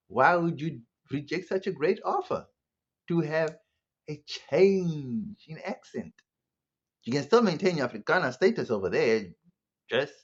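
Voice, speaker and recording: A man's voice: on the low side, highs cut off. A man giving a sarcastic opinion commentary monologue, full of rhetorical questions. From South Africa. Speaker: online commentator.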